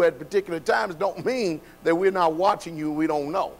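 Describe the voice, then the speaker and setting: A man preaching a sermon, dropping to quiet, low passages and then building to loud, shouted exhortation. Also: a little fast, vocal fry, poor audio.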